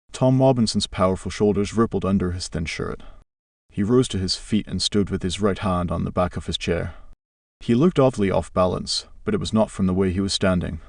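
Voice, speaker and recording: Low gravelly male audiobook narrator. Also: a little fast, darkish tone, no room sound, clean studio sound, recorded from a distance. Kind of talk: scripted narration.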